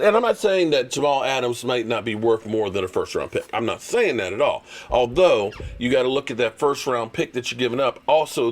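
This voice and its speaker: A man hosting a live-streamed sports talk show, ranting and arguing his takes while reading viewer chats. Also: mid-range voice. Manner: animated, argumentative, reads super chats.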